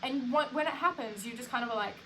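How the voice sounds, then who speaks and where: A young woman co-hosting a casual chat podcast, telling stories in an animated way with quick restarts. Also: high voice, slight background noise, rough recording. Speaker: podcast co-host.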